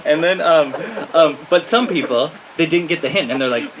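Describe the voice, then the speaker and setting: Lively American man telling a story. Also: on the high side, brisk, low-quality recording. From United States. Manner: lively storyteller, checks in with frequent "okay?" and laughs at his own story. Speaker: spiritual teacher. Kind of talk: storytelling talk to a spiritual audience. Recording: steady rain-like background noise.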